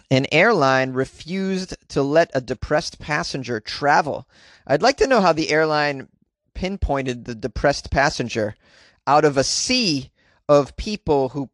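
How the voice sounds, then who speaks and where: Sarcastic guy riffing on weird news, kinda high voice, super dry sound. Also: fairly bright tone, dry recording. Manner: sarcastic and jokey, mocking the stories. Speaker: podcast host. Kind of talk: comedic news commentary.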